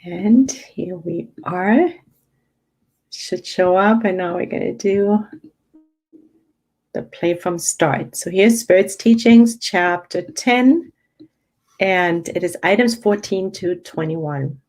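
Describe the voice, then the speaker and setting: A woman's voice: fairly low pitch, darkish tone, low-quality recording. A woman hosting an online spiritual study group, reading passages and adding emphatic, reflective commentary. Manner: slow, emphatic, reflective delivery.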